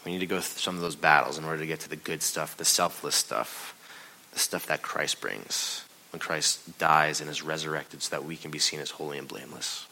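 A man giving a conversational, confessional sermon as a pastor, dropping to a hush and rising loud while telling a story. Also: extremely low pitch, steady tone, brisk, creaky, slight background noise, low-quality recording.

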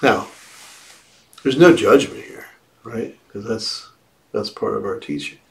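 Slow-spoken man giving a dharma talk. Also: fairly low pitch, vocal fry. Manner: slow, reflective, with playful asides. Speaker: Buddhist teacher.

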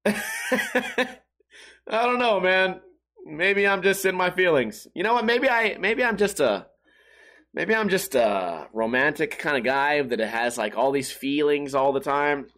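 A man's voice: fairly high pitch, animated, measured pace, fairly bright tone. A man hosting a casual solo podcast, rambling in a profane, sarcastic, self-mocking way. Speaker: podcast host.

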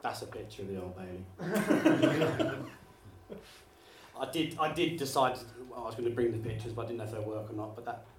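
Stand-up comic, echoey stage. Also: male voice, medium pitch, animated, background noise. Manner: chatty, addressing the crowd with quick apologetic asides. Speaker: stand-up comedian. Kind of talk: live stand-up routine. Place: small theatre studio with a live audience. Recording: echoey live room, faint ambience.

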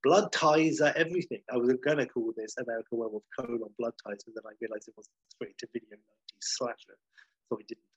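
A man, casually pitching and reading out a film script, rambling and correcting himself as he goes. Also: fairly even intonation, fast, breathy edge, no room sound, dull audio. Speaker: podcast host pitching a film idea.

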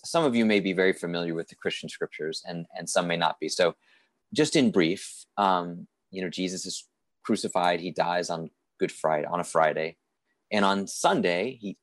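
A man telling a Bible story in a relaxed, conversational sermon, with fillers and restarts as he goes. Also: low voice, normal speed, no echo. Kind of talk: reflective spoken sermon.

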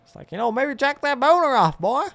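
A man puts on a crude, hearty voice that jeers at a boy, pitched far above his normal speech. It comes out loud and brash. The sound is slightly away from the mic. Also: big pitch swings, a little fast, full character voice. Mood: jeering.

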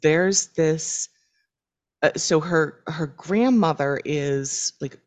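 A woman's voice: low voice, extremely slow. A woman co-hosting a casual podcast, retelling scenes and acting out the characters' lines as she goes. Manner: animated storytelling, acts out quotes. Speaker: podcast co-host. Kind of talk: casual rewatch podcast chat.

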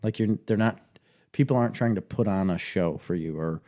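A man's voice: fairly low pitch, brisk, warm tone. A man in his thirties, co-hosting a casual chat in an easygoing, teasing way. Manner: easygoing, teasing, laughs often. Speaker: podcast co-host.

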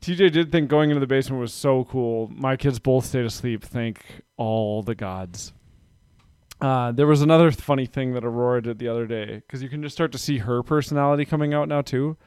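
A man's voice: medium pitch, a little fast, a little mellow, smooth, no echo, studio quality. A man in his thirties chatting casually, rambling through stories about his kids and doing their voices. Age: 30s. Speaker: parent telling stories. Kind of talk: casual chat.

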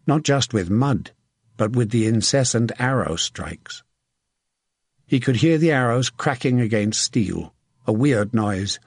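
A man reading a historical novel aloud as narrator, in steady, measured storytelling. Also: medium pitch, no room sound, clean studio sound. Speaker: audiobook narrator. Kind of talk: scripted narration.

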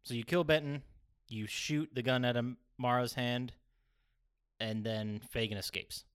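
A man's voice: mid-range voice, steady tone, unhurried, fairly bright tone, smooth. A man co-hosting a casual podcast, rambling through a video game's plot, swearing casually and laughing often. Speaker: podcast co-host. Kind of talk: casual chat reviewing a video game.

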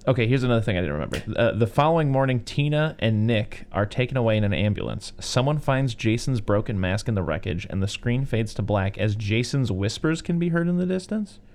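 A man's voice: medium pitch, expressive, a little fast, few pauses, darkish tone. Rambling casual man recapping plots. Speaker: podcast co-host. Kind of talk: casual chat.

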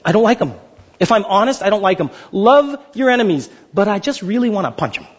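A man with a high, husky voice preaches a sermon in a lively, joking way, slipping in little acted conversations. His pitch swings widely, and the lo-fi recording sounds dull. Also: a little fast, a little hiss or hum. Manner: animated, joking, acts out little dialogues. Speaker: pastor.

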